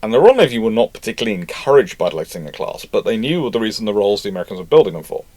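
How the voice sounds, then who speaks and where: A man's voice: lowish voice, very animated, very fast, darkish tone, no echo. A man hosting a history channel, chatting casually and correcting himself as he reads out viewer comments. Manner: rambling, self-correcting, chatty.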